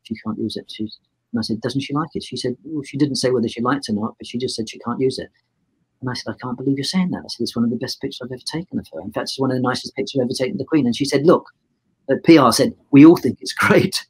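Husky older guy, 60s, rambling storyteller, keeps restarting, acts out who said what. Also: mid-range voice, rapid-fire, rough recording. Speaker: photographer guest. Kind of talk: casual anecdote in a podcast interview.

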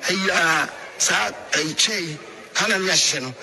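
A man's voice: high voice, fairly quick, pushed and bright. A man with a Ghanaian accent, a pastor, animatedly recounting an event and acting out the scenes. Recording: noisy recording.

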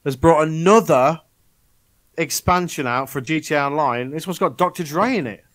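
Swearing podcast co-host. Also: male voice, fairly high pitch, moderate pace, fairly bright tone. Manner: blunt, swears, exclaims. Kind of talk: casual chat.

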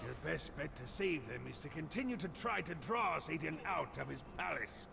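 A gravelly pirate captain. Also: male voice, fairly high pitch, lively intonation, normal speed. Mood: scheming. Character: boastful pirate captain Blackbeard in hell. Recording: game audio with noisy backdrop.

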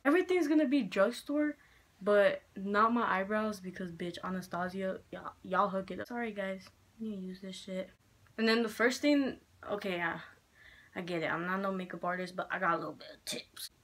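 A young woman vlogging a casual makeup chit-chat at home, frank and foul-mouthed, a little hoarse from being sick. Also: medium pitch, moderate pace. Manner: chatty, frank, swears a lot. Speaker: beauty vlogger. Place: room at home with poor lighting. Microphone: handheld mirror in one hand, camera fixed.

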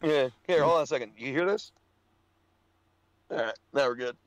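Brief: young male podcast guest, loose storyteller who swears and laughs, mid-pitched voice. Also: moderate pace, no echo, poor audio. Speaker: podcast guest, dirt track racer. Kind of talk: casual podcast chat.

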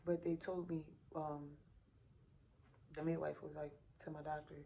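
Woman, 30s, AAVE, family vlogger. Exhausted, animated storyteller, low dark voice, light room noise. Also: unhurried, gravelly, low-quality recording. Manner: animated retelling, acts out quotes, addresses viewers as y'all. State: exhausted and sore after giving birth. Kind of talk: casual storytelling vlog. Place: hospital room.

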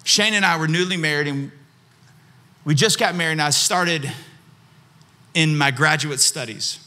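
A man's voice: fairly high pitch, unhurried, bright, forceful tone. A man preaching a sermon as a pastor, telling a personal story and repeating phrases for emphasis.

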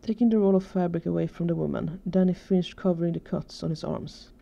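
Woman reading fan fiction, low gravelly voice, very dark tone, dull lo-fi recording. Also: quick pace. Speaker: fanfiction reader.

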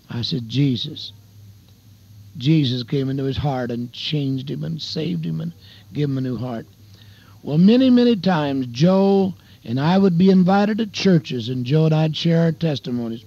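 A man's voice: on the high side, animated, moderate pace, gravelly, dark tone. Older evangelist man, folksy radio sermon. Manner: folksy testimony, addresses listeners as beloved and dear friends. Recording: dull lo-fi radio broadcast.

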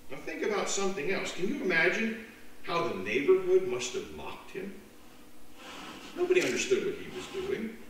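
A man preaching a sermon as pastor, with a slow, dramatic delivery. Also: sits high, a little hiss or hum. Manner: slow, dramatic delivery with lively voiced jokes. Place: church sanctuary. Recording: echoey church from far off.

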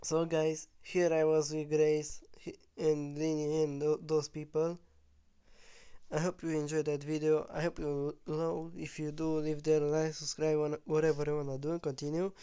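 A man giving casual gameplay commentary on his channel, excitable and chuckling, with loose phrasing and a sick voice. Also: fairly high pitch, moderate pace, clean tone, dull audio. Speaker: gaming YouTuber.

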